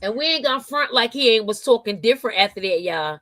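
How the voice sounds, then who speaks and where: A woman's voice: fairly high pitch, lively intonation, fast, a bit bright, no echo. A woman co-hosting a podcast and livestream, talking casually in slang and laughing often. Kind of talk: casual chat.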